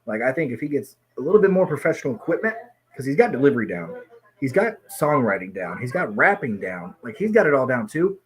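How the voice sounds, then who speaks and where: A man talking quickly and loosely in a casual chat, a little drunk. He swears freely, jumps between topics and gets loud and excited in bursts, then turns self-deprecating. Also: mid-range voice. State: tipsy.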